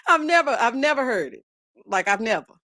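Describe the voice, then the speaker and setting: A sassy Southern woman chatting live with her viewers, her fairly high voice swooping up and down as she reads their comments. She talks to the audience as honey and child and breaks into loud laughs. The sound is dry and close to the mic. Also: no room sound. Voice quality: lively, sassy, laughs loudly. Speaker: host. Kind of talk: casual live-stream chat reading comments.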